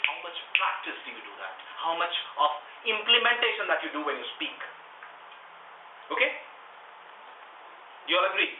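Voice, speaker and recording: A man in his thirties leads a speaking workshop, coaxing and animated, with a somewhat high voice. He is caught from across an echoey room, the sound thin like a phone line with noise under it. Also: brisk, pauses often, recorded from a distance. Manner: animated, coaxing, rises to a loud voice for stress. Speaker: public speaking trainer. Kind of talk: workshop teaching. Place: meeting room.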